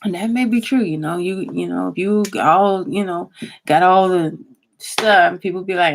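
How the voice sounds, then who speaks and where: A woman's voice: lowish voice, animated, moderate pace. A woman vlogger, chatting casually and laughing often as she gossips and swears. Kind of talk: casual chat commentary.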